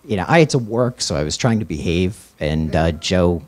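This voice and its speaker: A radio DJ telling a personal story live on stage, casual and rambling with fillers. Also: male voice, low-pitched, lively intonation, moderate pace, darkish tone, slight background noise.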